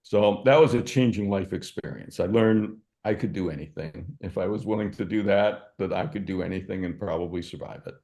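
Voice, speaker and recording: A man's voice: low voice, brisk, few pauses, warm tone. An older man from Michigan, a guest in an interview, telling reflective stories with frequent fillers. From Michigan, USA. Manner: reflective, anecdotal, with verbal fillers. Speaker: guest, entrepreneur. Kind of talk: storytelling interview.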